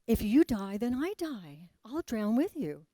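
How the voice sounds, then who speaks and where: A woman voicing a sly male scorpion in a spoken fable, talking low and hushed. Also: sing-song, measured pace, no echo, studio quality. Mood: pleading.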